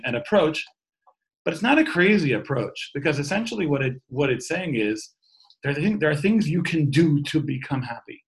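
A man around forty teaches a call-in class in an easygoing, conversational way. His voice sits at an ordinary middle pitch. He thinks aloud, restarts his sentences and drifts into personal stories. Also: low-quality recording. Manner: explains terms letter by letter, storytelling asides. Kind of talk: informal spiritual lecture.

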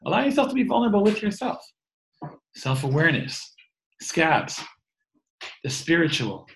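A man's voice: a little high, big pitch swings, moderate pace, slight background noise, low-quality recording. Man, 30s, earnest informal teacher; restarts phrases, video-call sound. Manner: earnest, repeats and restarts words. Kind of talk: informal talk on faith and wellbeing.

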